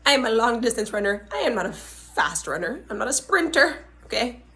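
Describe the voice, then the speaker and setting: A young adult woman hosting a podcast, retelling a story in a dramatic, animated way with frequent asides to her listeners. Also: fairly high pitch, brisk. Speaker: podcast host. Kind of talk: casual storytelling.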